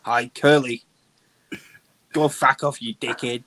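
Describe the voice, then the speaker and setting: A man, trading loud, swearing banter on a livestream. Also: mid-range voice, fairly even intonation, slow pace, no room sound.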